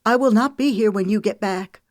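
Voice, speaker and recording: A woman's voice: medium pitch, a little fast, darkish tone, dry recording, clean studio sound, pitched above the performer's own voice, natural voice. A woman voicing a hurt, fiery young red-haired woman in an audiobook reading, speaking in a raised, heated tone. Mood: angry, tearful.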